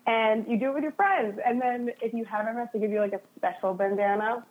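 A woman's voice: a little high, fairly quick, slight background noise. Chatty woman guest, lots of "like", self-deprecating, sounds like a phone line. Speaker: interview guest, illustrator. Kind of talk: casual conversation.

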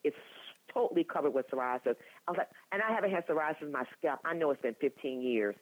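A woman in her sixties, a guest in an interview, talking in an animated, chatty way with frequent laughs and restarts. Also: low-pitched, quick pace. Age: 60s. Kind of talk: candid conversational storytelling. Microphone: telephone. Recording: tinny phone line.

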